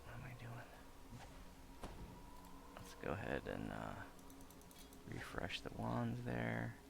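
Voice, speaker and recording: Casual let's play man: low, gravelly, animated, steady noise under him. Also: slow pace. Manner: casual, chatty, self-narrating. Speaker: gaming video creator.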